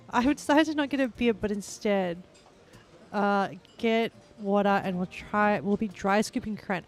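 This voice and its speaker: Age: young adult. Role: game streamer. Style: rambling casual chat. Pitch: mid for a woman. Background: faint music. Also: slow pace. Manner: chatty and rambling, heavy on "like" fillers; bursts into excited squeals and laughs.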